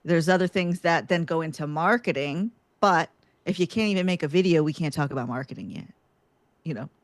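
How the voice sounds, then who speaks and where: A woman's voice: sits low, brisk, no echo. A woman co-hosting a live podcast, speaking in an encouraging, emphatic way and repeating points to drive them home. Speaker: podcast co-host.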